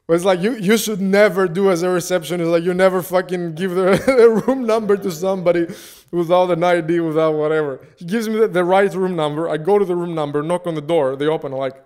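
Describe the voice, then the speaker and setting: Guest, young man, animated casual storyteller. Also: fairly high pitch, fast, smooth. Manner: animated, swearing freely.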